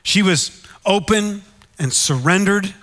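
A man's voice: high-pitched, slow, fairly bright tone, in a large hall. A man preaching a sermon in an earnest, conversational way, often turning to the listeners with "right?". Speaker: pastor.

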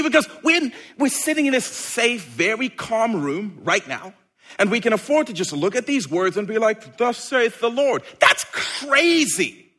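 Bright-voiced, animated male preacher. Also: high voice. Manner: animated, playful, with sudden shouted bursts. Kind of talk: sermon.

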